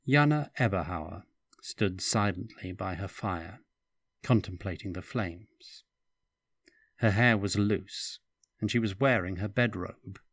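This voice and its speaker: Slow, low-voiced male narrator. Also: no echo. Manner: slow, even reading. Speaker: audiobook narrator. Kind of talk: scripted narration.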